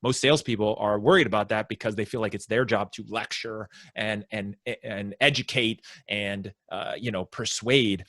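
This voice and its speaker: A man, a sales consultant, explaining his approach as a podcast guest and acting out his clients' worries in quick asides. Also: on the low side, dry recording, clean studio sound. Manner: animated explainer, acts out prospects' inner voices. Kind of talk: conversational interview.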